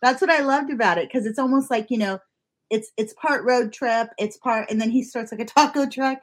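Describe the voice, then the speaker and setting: A woman's voice: fairly high pitch, fairly quick. A woman interviewing an author in a casual, rambling way, laughing often and gushing about the book. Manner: giggly, rambling, enthusiastic.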